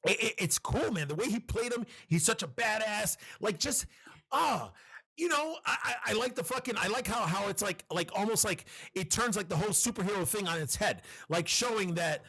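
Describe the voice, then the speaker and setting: A man co-hosting a casual podcast chat, gushing and swearing freely as he talks. His voice sits a little high and comes across bright and forceful. He repeats words often as he gets going. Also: animated, normal speed, husky. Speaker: podcast co-host.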